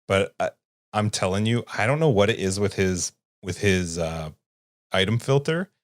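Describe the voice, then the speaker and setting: A man co-hosting a gaming podcast in casual chat, laid-back and teasing, often trailing off quietly. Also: lowish voice, expressive, moderate pace. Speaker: podcast co-host.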